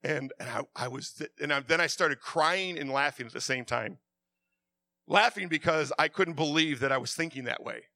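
A man preaching a sermon with passion, stammering and repeating words, swinging from hushed confession to loud outbursts. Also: fairly high pitch, normal speed.

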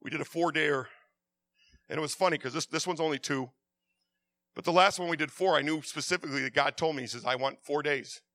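High, bright male preacher, impassioned sermon delivery, stammers, swings from hushed to shouting. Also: brisk, dry recording.

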